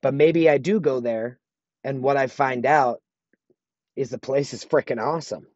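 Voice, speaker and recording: A man's voice: medium pitch, normal speed, darkish tone, dry recording. Man, earnest motivational podcast host, repeats for emphasis, dry muffled sound. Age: adult, married. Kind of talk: solo podcast monologue.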